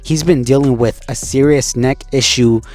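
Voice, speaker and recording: A man recapping a show in a loose, conversational way, leaning on fillers as he goes. His voice sits at an ordinary middle pitch. Soft music plays faintly underneath. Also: fairly even intonation, moderate pace. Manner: conversational, loose, with frequent "you know" and "like". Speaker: wrestling show recap host. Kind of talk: casual spoken recap.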